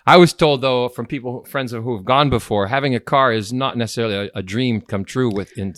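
A man's voice: mid-range voice, a little fast, a bit bright, dry recording, clean studio sound. A man hosting an advice podcast in easygoing, jokey casual chat, chuckling along. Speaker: podcast host.

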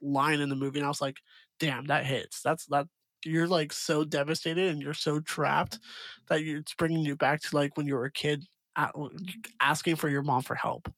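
A man in casual podcast chat, recapping a plot in a relaxed, hesitant way with many fillers. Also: a little high, moderate pace, dry recording.

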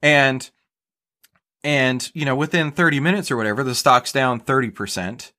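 A man's voice: mid-range voice, normal speed, pushed and bright. Chatty man explaining his trading. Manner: explanatory, repeats words, says "right?" often. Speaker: guest, stock trader. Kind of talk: casual podcast interview.

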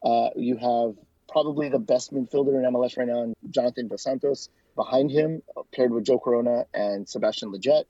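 Male podcast guest from the US, chatty and self-correcting, warm low tone, muffled lo-fi audio. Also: no room sound. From United States. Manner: chatty, talks in quick bursts with frequent restarts and fillers. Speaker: guest, soccer club fan and podcast co-host. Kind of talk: casual interview.

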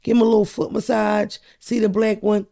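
Gravelly, blunt woman. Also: mid-range voice, level tone, brisk, mellow. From Philadelphia. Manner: profane, blunt storyteller. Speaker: podcast co-host. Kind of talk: casual podcast chat.

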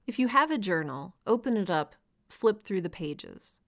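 A woman's voice: mid-range voice, very animated, normal speed, fairly bright tone. A woman hosting a solo podcast for writers, talking in an earnest, encouraging way with a light laugh now and then. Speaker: podcast host.

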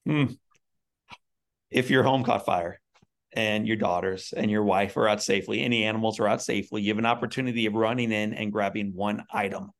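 A man hosting a casual podcast interview, asking friendly quick-fire questions. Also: on the low side, steady tone, gravelly. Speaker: podcast host.

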